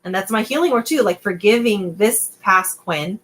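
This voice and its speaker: Young woman guest, lively storyteller, casual chat, acts out voices. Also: medium pitch, normal speed, low-quality recording. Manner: animated storyteller, acts out quotes. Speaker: podcast guest. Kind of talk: casual late-night chat.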